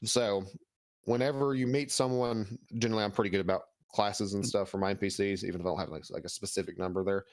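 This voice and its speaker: A man's voice: fairly low pitch, fairly even intonation, quick pace, no room sound. A man working as dungeon master, explaining rules and narrating scenes in a casual, rambling way. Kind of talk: narrating a tabletop game.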